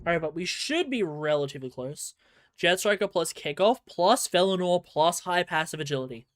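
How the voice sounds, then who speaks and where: A man's voice: a little high, lively intonation, moderate pace, a bit bright. A man with an Australian accent giving rambling live commentary while he plays a game and talks to his chat. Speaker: gaming streamer.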